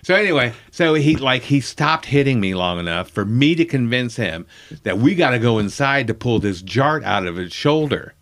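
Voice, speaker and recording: Male comedian, profane storyteller, mid pitch, very animated delivery. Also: moderate pace. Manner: profane, animated, self-mocking. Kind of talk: storytelling in casual chat.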